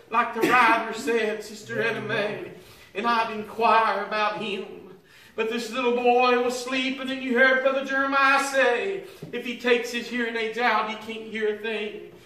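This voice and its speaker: A man's voice: very high-pitched, pushed and bright, a little hiss or hum. An older man preaching a sermon in a church, drawing out his words into a chanted, sing-song delivery that rises into song. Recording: echoey hall, voice from far off.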